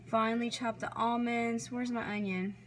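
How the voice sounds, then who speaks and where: A woman's voice: fairly high pitch, level tone, moderate pace, a little hiss or hum. A woman talking casually to the camera as she chops vegetables and cooks at home, thinking aloud as she follows a recipe. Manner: chatty, thinking aloud while chopping. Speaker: home cook. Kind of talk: casual cooking vlog narration. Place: home kitchen. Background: clatter of knives, dishes and pans.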